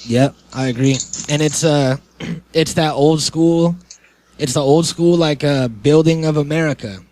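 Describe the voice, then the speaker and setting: A man's voice: a little high, a little slow, darkish tone, slight background noise. A man co-hosting a podcast in casual chat, laid-back and agreeable with a slangy way of talking. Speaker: podcast co-host.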